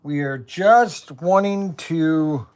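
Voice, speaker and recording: Man, live stream host, casual build chat, playful mock-whining, talks to himself, slow-paced. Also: fairly high pitch, darkish tone, clean tone. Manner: talks to himself while working.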